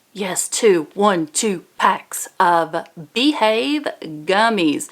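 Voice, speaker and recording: Southern lady doing a snack unboxing, talks real slow, reads labels out loud. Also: mid-range voice, creaky. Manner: chatty, reads labels aloud slowly. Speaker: unboxing vlogger. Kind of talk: casual product review.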